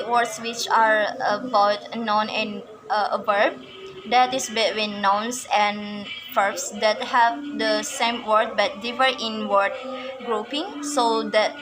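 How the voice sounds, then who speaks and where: Young woman student reading word lists slowly, bit high voice, music behind. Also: rough recording. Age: young adult. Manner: slow, hesitant, many fillers and self-corrections; reads word lists aloud, stressing each word. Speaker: student presenter. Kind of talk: class video explaining word stress.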